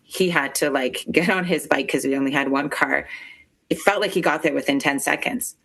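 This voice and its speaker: A woman telling a painful personal story as an interview guest, halting and emotional, with many filler words. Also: low-pitched, gravelly, a bit bright.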